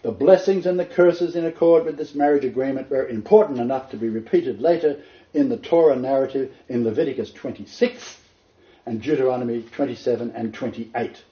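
A man's voice: mid-range voice, a little fast. A man preaching a sermon, reading scripture aloud and stressing his key points with repetition. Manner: emphatic, repeats key points. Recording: roomy, dull lo-fi recording.

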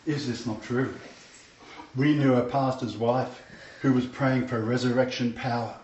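Earnest preacher in an echoey room. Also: male voice, medium pitch, steady tone, unhurried, darkish tone. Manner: earnest, storytelling, emphatic repetition. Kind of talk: sermon. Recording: echoey room, distant mic, dull lo-fi sound.

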